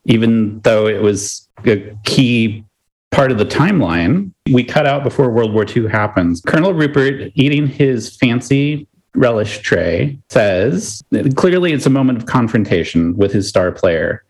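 A man's voice: medium pitch, expressive, unhurried, a little mellow, low-quality recording. Wry, joking male podcast co-host. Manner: wry, joking recaps of scenes. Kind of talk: casual movie chat.

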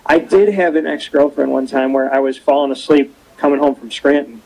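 A young man hosting a casual interview show, telling stories with animated quoting. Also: medium pitch, fairly quick, creaky, hardly any pauses, low-quality recording. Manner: lively storyteller, animated quoting. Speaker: show host. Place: cold rink-side spot, outdoors or arena.

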